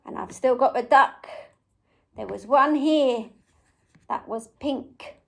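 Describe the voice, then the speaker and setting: A woman's voice: sits high, takes it slowly, gravelly. A young woman leading a memory game for small children, gasping with surprise and making animal sounds. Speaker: early years teacher.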